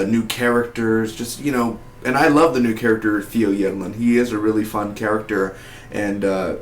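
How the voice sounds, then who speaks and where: A man recapping a TV episode in a loose, excitable ramble, full of "uh" and "you know" and quick restarts. His voice sits at an ordinary middle pitch. The room around him rings with a noticeable echo. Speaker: TV episode reviewer. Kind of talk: casual spoiler review recap. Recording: echoey room.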